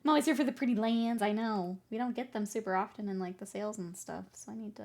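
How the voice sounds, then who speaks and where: A woman's voice: medium pitch, fast talker, darkish tone. A woman streamer chatting casually with viewers while she paints miniatures. She is playful and rambling, pokes fun at herself, and often breaks into giggles between remarks. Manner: playful, rambling and self-mocking.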